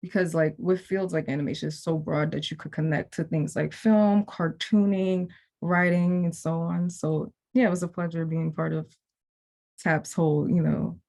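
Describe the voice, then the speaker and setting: A woman's voice: low voice, steady tone, normal speed, gravelly, a little mellow. A young woman, a program graduate, talking casually on a video call and rambling with many fillers and restarts.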